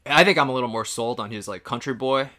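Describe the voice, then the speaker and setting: A man's voice: medium pitch, fast talker. A man co-hosting a casual podcast, reviewing films and laughing often. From US East Coast. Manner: animated, laughs often, mimics lines in raised voice. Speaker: podcast co-host. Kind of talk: casual movie-review chat.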